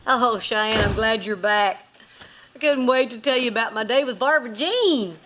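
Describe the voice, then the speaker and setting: A woman's voice: fairly high pitch, moderate pace, noisy background, close to an everyday voice. An actress playing a blunt, sarcastic middle-aged mother in a sitcom, with dry wisecracks. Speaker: sitcom lead. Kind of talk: sitcom acting.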